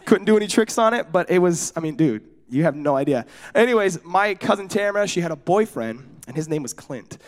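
A man from California gives a casual, joke-filled sermon in a high voice. He tells personal stories and turns to the audience with questions and asides, drifting off topic before coming back. He speaks as a young adult preacher at ease with his crowd. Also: animated, a little fast, hardly any pauses. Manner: joking, storytelling, audience asides. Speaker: pastor.

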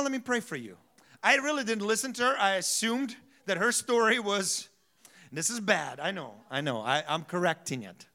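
A man preaching a sermon as a pastor, telling self-mocking stories, laughing often and rising to loud bursts. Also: sits high.

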